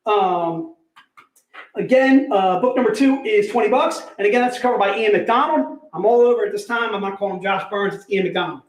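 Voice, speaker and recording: Fifty-something guy hyping up a live sale, high voice, echoey room, jokey and upbeat. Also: a little fast. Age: 50s. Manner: energetic, jokey salesman patter. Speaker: host. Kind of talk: live sales stream.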